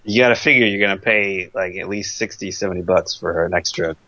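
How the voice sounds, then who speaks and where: A man's voice: deep voice, fairly quick, pushed and bright, no echo, lo-fi sound. A young man in casual gaming chat with friends, teasing and laughing often.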